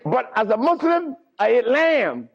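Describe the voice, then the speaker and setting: A middle-aged man lecturing to a live audience, telling stories in an animated way and often chuckling. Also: very high voice, a little slow, creaky. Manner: animated storytelling with frequent chuckles. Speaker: lecturer on herbal healing. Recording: lo-fi archival lecture recording.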